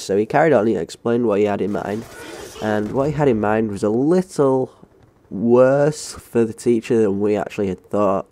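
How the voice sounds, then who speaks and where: At a moderate pace, a young English gaming channel host shares a school anecdote while playing a game. His voice is low and gravelly with a dark, mellow tone, and he rambles casually, cursing freely.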